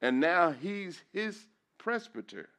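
A middle-aged man preaches in church, his voice sitting a little above the usual male pitch. He is openly emotional, his voice breaking at times. He repeats phrases and lifts his voice when he turns to praise. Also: very animated, slow, creaky, fairly bright tone. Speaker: pastor.

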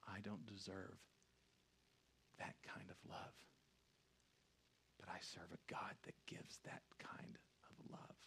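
A man preaching a sermon, speaking in a soft, hushed and earnest tone as he appeals to his listeners. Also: low voice, little pitch movement, takes it slowly, gravelly, pauses often, whispered.

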